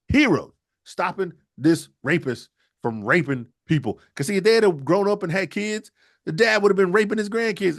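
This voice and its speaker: A man co-hosting a podcast, riffing crudely through loud, animated comedic storytelling. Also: sits high, normal speed. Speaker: podcast co-host.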